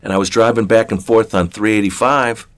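An older man with a deep, low-pitched voice tells a story at an easy, rambling pace. He speaks casually and folksily, with plenty of "uh"s and restarts. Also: steady tone, brisk. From southern Ohio. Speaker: interview guest.

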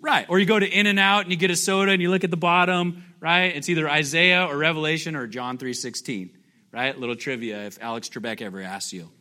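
A man's voice: on the high side, steady tone, a little fast, pushed and bright. A pastor preaching a conversational sermon, often asking his congregation questions and acting out scripture in a playful, joking way. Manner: jokey, playfully acts out scripture.

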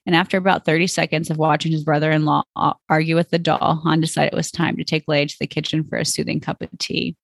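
A woman's voice: sits low, flat delivery, fast, creaky, hardly any pauses, no room sound. A woman podcast host reading fan fiction aloud in a plain storytelling voice, with small stumbles.

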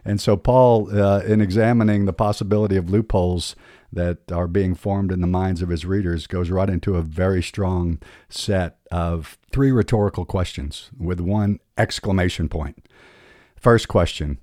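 A man's voice: deep voice, fairly even intonation, moderate pace, mellow, no echo, studio quality. A man hosting a podcast, teaching from the Bible in an earnest, preaching manner with emphatic rhetorical questions. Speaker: podcast host.

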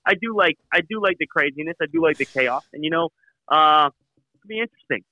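A man's voice: fairly high pitch, animated, fairly quick, pushed and bright, no room sound, highs cut off. A man co-hosting a podcast, joking in laid-back talk with frequent restarts. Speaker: podcast co-host. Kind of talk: casual podcast chat.

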